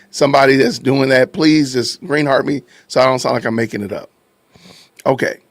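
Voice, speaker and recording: A man's voice: medium pitch, a bit bright, no room sound. A man hosting a live-stream podcast in casual commentary, reacting to chat with repeated phrases and frequent laughs. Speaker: podcast host.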